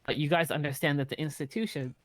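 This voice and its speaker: A man in casual in-character roleplay chat, blunt and profane, telling stories in an animated way. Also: a little high, fast, no room sound. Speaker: roleplay streamer.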